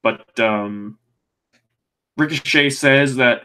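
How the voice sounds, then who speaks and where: A man's voice: medium pitch, normal speed, a bit bright. Rambling man reviewing wrestling casually. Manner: rambling, frequent ums and restarts, swearing. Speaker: podcast co-host.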